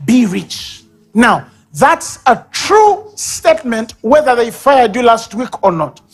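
A man with a Ugandan English accent preaching a sermon at a church service, animated, acting out sobs and baby babble and shouting key lines. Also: very high voice, takes it slowly, faint music behind.

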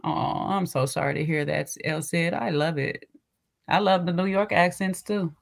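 A woman's voice: on the low side, normal speed, gravelly. A woman co-hosting a podcast in casual chat, teasing and laughing often. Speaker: podcast co-host.

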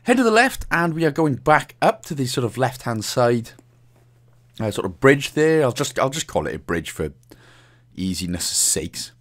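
A man's voice: mid-range voice, animated, moderate pace. A young man with a Welsh accent talks through a game walkthrough in a chatty, cheeky way, joking and laughing as he plays. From Wales. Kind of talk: casual gameplay commentary.

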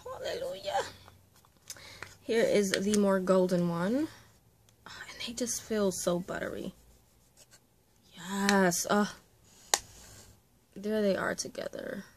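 A young woman, a makeup artist, chatting through a casual unboxing vlog, gushing and often dropping into breathy whispered exclamations. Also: mid-range voice, steady tone, slow, pauses often, background noise.

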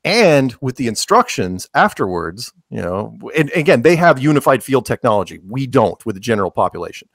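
A man talking casually as a podcast guest, rambling with jokes and animated asides. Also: mid-range voice, a little fast, hardly any pauses, dry recording, studio quality. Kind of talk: casual interview talk.

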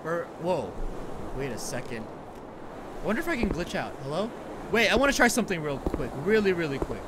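A man's voice: fairly high pitch, brisk, noisy background. A man giving jokey, jumpy commentary on a horror game he is playing. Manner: excitable, yelps and screams at jump scares. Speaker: gaming YouTuber.

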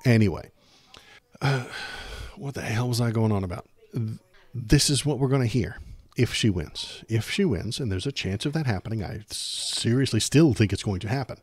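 A man's voice: medium pitch, moderate pace, darkish tone, husky. A man hosting a live stream of casual political commentary. He rants in a sarcastic, exasperated way and repeats phrases for emphasis. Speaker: streamer host.

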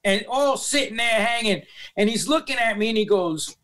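High-voiced, animated New York storyteller. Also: male voice, normal speed. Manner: profane, animated storyteller acting out quoted voices. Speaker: guest. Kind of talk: storytelling in a podcast interview.

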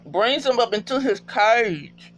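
Man, high voice, wildly swooping pitch, casual profane recap, emotional storyteller. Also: animated, slow pace, fairly bright tone, slight background noise. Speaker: TV episode recapper.

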